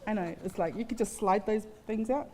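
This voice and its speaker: Speaking a little fast in a mellow, medium-pitched voice, a woman shares an honest, heartfelt personal story as a festival guest, with flashes of humor at her own expense. The stage is in a large hall, and a long reverb trails her words.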